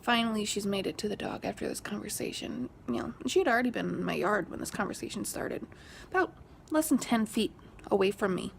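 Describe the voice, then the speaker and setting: A woman's voice: mid-range voice, fairly quick, a little hiss or hum. A young woman vlogger telling a story in a casual way, often half-whispering. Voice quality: gravelly fry. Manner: whispery, hushed retelling that rises when quoting an argument.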